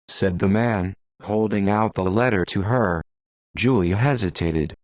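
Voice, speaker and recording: A man reading a classic novel aloud in a measured, steady narration. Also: lowish voice, no echo. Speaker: audiobook narrator. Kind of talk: scripted narration. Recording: dry close sound.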